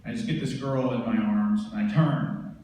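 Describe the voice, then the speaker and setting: A man's voice: medium pitch, moderate pace, dark tone, distant mic, faint music behind. Man telling a war story in a roomy hall. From United States. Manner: intense, vivid, dramatic retelling. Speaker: veteran speaker. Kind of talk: personal storytelling speech.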